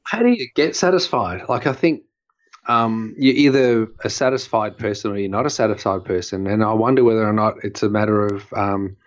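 A man's voice: lowish voice, brisk. Thoughtful man, lo-fi sound. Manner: thoughtful, musing. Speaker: podcast co-host. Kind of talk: casual chat. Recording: dull lo-fi sound.

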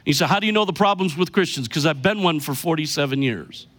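A middle-aged pastor preaching a sermon with emphasis, slowing down to stress key lines. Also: male voice, on the high side, animated, fairly bright tone.

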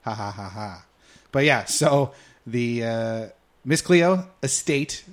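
A man's voice: medium pitch, lively intonation, takes it slowly. A man hosting a casual podcast, moving through news topics with dry joking asides. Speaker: podcast host. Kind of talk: casual chat.

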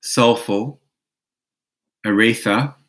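A man's voice: medium pitch, very slow, fairly bright tone. A man co-hosting a podcast, playful and self-mocking, laughing often as he reads out quiz clues. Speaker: podcast co-host. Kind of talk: casual quiz chat.

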